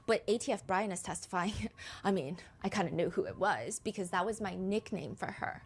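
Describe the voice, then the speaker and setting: A woman's voice: medium pitch, expressive, normal speed, slightly rough. A woman hosting a reaction video, casually recapping a true-crime case and acting out quoted texts. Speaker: reaction channel host.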